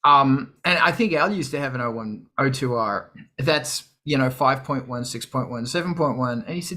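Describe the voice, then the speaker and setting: A man's voice: mid-range voice, moderate pace, few pauses. A man hosting a live stream, chatting casually to viewers, swearing freely and acting out what others said. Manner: animated, swearing, quoting others in put-on voices. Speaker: livestream host. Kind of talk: casual chat to a live audience.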